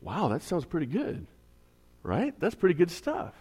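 A man preaching a storytelling sermon in a slightly raised pitch. He talks to the congregation conversationally, checking in with them. He drops to quiet asides, then pushes out emphatic lines. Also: huge pitch swings, a little slow, husky. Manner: swings between quiet asides and emphatic bursts. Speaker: evangelical pastor.

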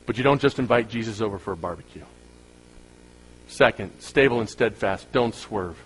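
A man's voice: fairly low pitch, moderate pace, husky, rough recording. A man preaching a sermon to a congregation in a conversational way, with humorous asides and rhetorical questions to the crowd. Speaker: pastor.

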